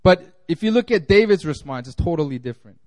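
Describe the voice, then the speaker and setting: A man's voice: on the high side, lively intonation, fast talker, darkish tone, dry recording. A man preaching a conversational sermon, restarting often and filling with "you know.". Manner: conversational, many fillers and restarts. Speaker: pastor.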